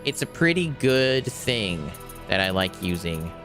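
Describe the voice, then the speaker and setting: A young man streaming his first playthrough of a game, chatting in a joking, rambling way with casual profanity. His voice sits on the low side. Music plays clearly behind him. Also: very animated, measured pace. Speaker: blind let's play streamer. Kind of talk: casual gameplay commentary.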